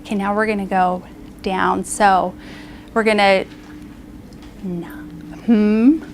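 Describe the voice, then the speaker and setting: Slow-talking woman teacher leading counting. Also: medium pitch, fairly even intonation, a little hiss or hum. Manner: leads group counting aloud with hand signals. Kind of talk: classroom lesson demonstration. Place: classroom or training room.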